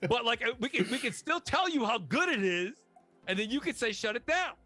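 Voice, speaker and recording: A man chatting casually about video games, animated and slangy, telling stories with lots of asides. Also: extremely high pitch, fairly quick, faint music behind. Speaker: podcast guest. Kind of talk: casual gaming chat.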